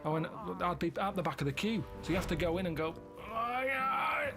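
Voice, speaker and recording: Deadpan rambling Englishman. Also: a little high, fast, over music. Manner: deadpan, plodding, rambling anecdotes. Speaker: co-host. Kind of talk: casual comic chat.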